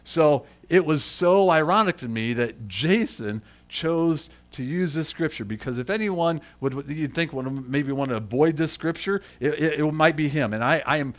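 A man's voice: fairly high pitch, moderate pace, hardly any pauses. A middle-aged man preaching a sermon in a conversational way and calling on people in the congregation by name. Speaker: pastor.

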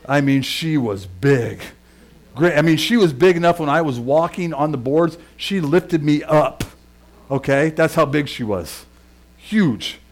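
Preaching from the pulpit, this middle-aged pastor recounts a spirited story from his own life in a medium-pitched voice, his delivery peaking in shouts and laughs.

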